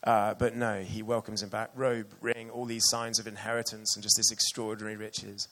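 A man's voice: lowish voice, little pitch movement, moderate pace, pushed and bright. A man preaching a sermon earnestly and with emotion, reading passages aloud to his church.

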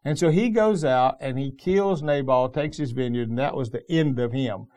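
A man's voice: medium pitch, moderate pace, dark tone. A middle-aged man preaching a sermon as pastor, telling the story in a loose, conversational way with frequent restarts.

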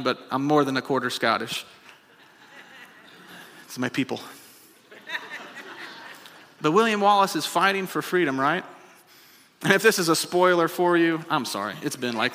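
A man's voice: mid-range voice, normal speed, long pauses, sharp tone. A man preaching a sermon as pastor, building to emphatic repeated refrains and then dropping into chatty asides to the congregation. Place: church sanctuary. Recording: long reverb of a large hall.

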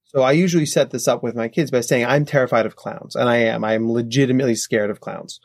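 Male psychologist guest, mid-pitch voice, explanatory podcast delivery, often checks in with "right?", dry close mic. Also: fairly even intonation, fast talker, darkish tone, dry recording. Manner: explanatory, tags points with "right?". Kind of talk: podcast interview answers. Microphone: podcast microphone.

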